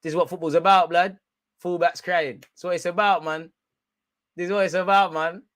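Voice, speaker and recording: A young man, loudly and gleefully ranting with street slang during a live football watch-along. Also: sits high, steady tone, normal speed, no room sound.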